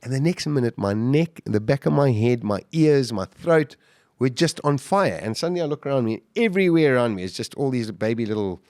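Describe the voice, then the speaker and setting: A podcast guest tells his own survival story in the first person, animated, restarting sentences and breaking into sudden bursts of emphasis. His medium-pitched voice moves briskly, recorded in a clean studio with no echo.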